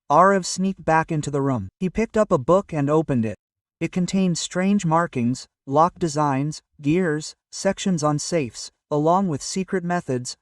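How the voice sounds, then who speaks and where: A man reading a scripted story aloud in an even storytelling manner, voicing every quote in the same voice. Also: fairly high pitch, no room sound, clean studio sound, recorded from a distance. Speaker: narrator.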